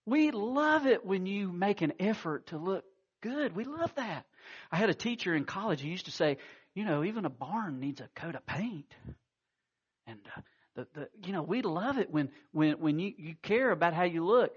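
A man's voice: sits high, animated, normal speed, breathy edge, highs cut off. A man preaching a sermon, telling stories with acted-out quotes and frequent restarts. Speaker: pastor.

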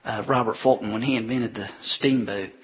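A man preaching a sermon as a pastor, retelling scripture stories with animated delivery and acted-out voices of crowds. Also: medium pitch, moderate pace, husky. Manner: animated storytelling preacher, acting out crowds with shouts.

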